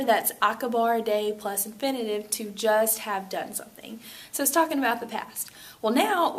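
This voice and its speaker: A woman teaching a Spanish lesson to students, upbeat and chatty with playful asides. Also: a little high. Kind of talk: classroom lesson video.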